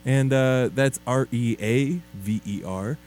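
A man hosting a radio show, talking haltingly with many fillers. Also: mid-range voice, a little mellow, slight background noise. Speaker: radio host.

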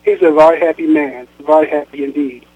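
A man's voice: on the high side, steady tone, fairly quick, slightly rough. A man reading as a weary, defensive grown daughter. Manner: apologetic and evasive. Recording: tinny phone line.

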